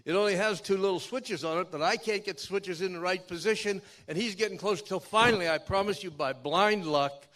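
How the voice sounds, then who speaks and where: An older man giving a keynote speech, telling a dramatic personal story in a folksy way that swings from loud to hushed. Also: sits high, brisk, few pauses. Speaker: keynote speaker. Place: outdoor memorial event.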